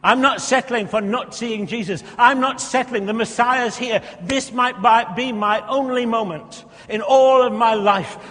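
A preacher voicing a desperate blind male beggar who shouts and pleads for mercy. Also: fairly high pitch, lively intonation, racing, few pauses, breathy edge. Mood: determined. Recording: reverberant hall.

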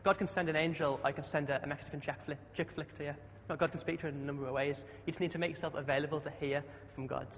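Chatty young preacher, higher voice. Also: male voice, steady tone, very fast, few pauses, a bit bright, a little hiss or hum. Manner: chatty, asks the congregation questions. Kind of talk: sermon. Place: church hall. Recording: dull sound with long hall echo.

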